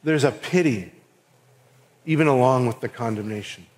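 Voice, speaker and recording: A man's voice: mid-range voice, normal speed, a little mellow. A man giving an earnest sermon as pastor with a Southern US accent. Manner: earnest preaching, acts out quoted voices. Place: church sanctuary. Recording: long reverb of a hall.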